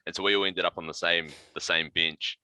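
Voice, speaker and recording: A man's voice: low voice, level tone, a little fast, sharp tone, clean tone, no room sound. A man from New Zealand co-hosting a podcast, chatting in laid-back, sweary banter. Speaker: podcast co-host. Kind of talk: casual chat.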